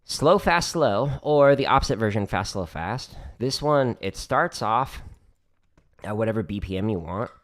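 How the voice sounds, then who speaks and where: A man's voice: fairly low pitch, lively intonation, measured pace. A man casually explaining drum exercises on his practice livestream, chatty and joking as he goes.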